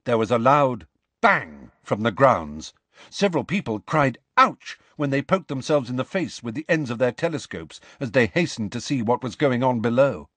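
Expressive male storybook narrator. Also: mid-range voice, moderate pace, dry recording. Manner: expressive, dramatic reading. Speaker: audiobook narrator.

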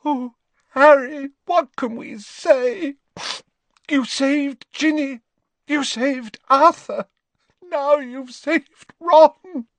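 A man reading aloud and voicing a tearful motherly middle-aged woman who sobs her thanks, pitched high and loud. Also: very slow, no echo, full character voice. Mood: tearful, overwhelmed.

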